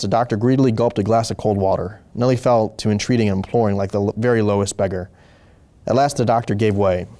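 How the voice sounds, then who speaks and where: A man reading a short story aloud as host, slow and deliberate with occasional small slips. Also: on the low side, warm tone. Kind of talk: measured story narration.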